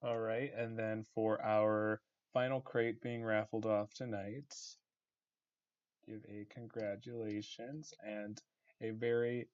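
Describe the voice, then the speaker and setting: Low, monotone man hosting a raffle. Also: takes it slowly, muffled recording. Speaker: online game community host. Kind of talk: casual live raffle announcing.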